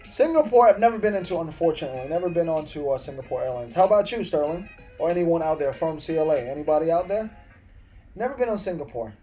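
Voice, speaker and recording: A man's voice: on the high side, expressive, fast, mellow, faint music behind. A young man with an American accent chatting casually on a live stream, replying to viewers with lots of "bro" and "man" and frequent restarts. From Philippines, raised in the US.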